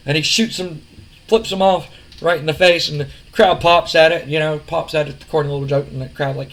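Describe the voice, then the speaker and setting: A man's voice: on the high side, fairly even intonation, fairly quick, fairly bright tone. A man casually narrating a wrestling simulation game, rambling and restarting. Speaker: gamer narrating a wrestling sim.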